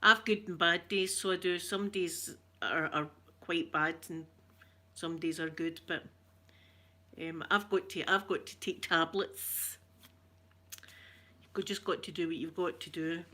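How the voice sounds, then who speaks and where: Reading comments on her ASMR livestream, a middle-aged Scottish woman speaks in a fairly low, steady, sharp voice. Her pace is measured, with long pauses. She chats casually, rambles, laughs frequently and greets viewers by name.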